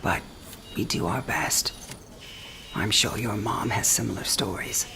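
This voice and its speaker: A low, breathy dying old mother. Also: expressive, a little slow, background noise, heavily acted. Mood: tender. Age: 60s. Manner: breathy, half-whispered, teasing. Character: dying older mother, frank and tender. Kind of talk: video game cinematic acting.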